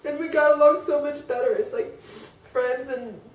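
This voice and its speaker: A woman with a high voice pours out a personal confessional vlog, rambling and emotional, her talk full of fillers. She sounds a little away from the mic in an echoey room. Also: normal speed, recorded from a distance. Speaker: vlogger.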